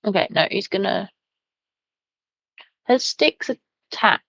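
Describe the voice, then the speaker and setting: A woman plays a tabletop game, talking slowly and hesitantly with lots of ums. Her voice has a gravelly fry. The recording is dry and slightly muffled. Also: mid-range voice, a bit bright, dry recording. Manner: hesitant, many ums and apologies. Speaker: player.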